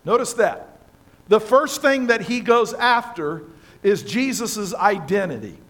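A man's voice: sits high, lively intonation, a little slow, a bit bright. A man preaching a sermon as pastor in a church, emphatic and passionate, repeating phrases for stress. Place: church sanctuary with congregation.

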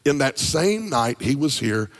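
A middle-aged man, a pastor, preaching a sermon in a church sanctuary in a conversational, emphatic way with a gravelly voice. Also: mid-range voice, sing-song, unhurried, long reverb tail.

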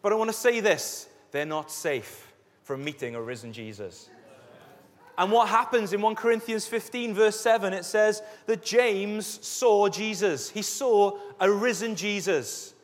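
A man preaching a sermon as a pastor, telling Bible stories in a lively way and acting out the scenes. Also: high-pitched, a little slow. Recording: echoey hall reverb.

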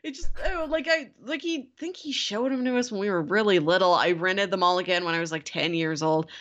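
A woman co-hosting a casual podcast chat, relaxed and filling her talk with "like". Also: mid-range voice, a little fast, highs cut off, over a noisy crowd. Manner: relaxed, frequent "like" fillers. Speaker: podcast co-host.

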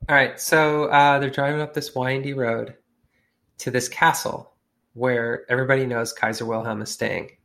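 A man spinning a comic story in loose, slangy, profane talk, with a mid-range voice. He jumps into quick voices for the people in his tale. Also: mid-range voice, fairly even intonation, creaky, a bit bright. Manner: profane, slangy, acts out characters with shifting voices. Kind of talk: casual comedic storytelling.

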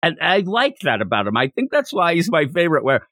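A man's voice: fairly high pitch, brisk, no room sound. A man hosting a manga podcast, talking casually and rambling while acting out lines. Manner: rambling, animated, acts out quotes. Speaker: podcast host.

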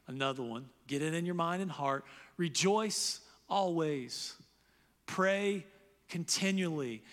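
A man preaching a sermon as pastor, animated, loudly acting out the people he quotes. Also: high voice, big-room sound.

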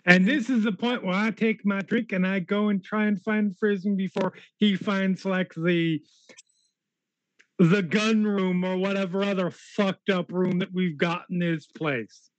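High-voiced man in muffled call audio. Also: steady tone, unhurried, dry recording. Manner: rambling, swears freely. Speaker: tabletop role-play player. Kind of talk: in-character role-play chat.

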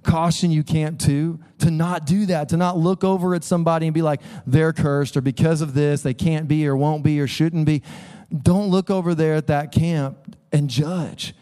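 A man's voice: a little high, fairly even intonation, moderate pace, dark tone, clean tone. Joking, conversational male pastor preaching. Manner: conversational and joking, acts out quoted voices. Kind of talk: sermon. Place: church.

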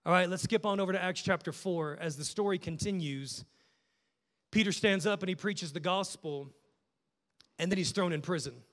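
A man with a notably high voice preaches a passionate sermon, rising to loud urging and dropping to hushed, prayerful tones. His voice rings out with a long reverb, as in a large hall. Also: moderate pace. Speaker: pastor.

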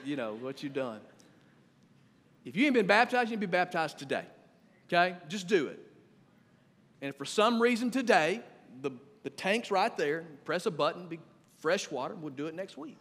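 A man in his thirties preaching a sermon as pastor, conversational and animated, swinging between loud and quiet. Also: fairly high pitch, moderate pace, long pauses. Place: church sanctuary. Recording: long reverb of a church hall.

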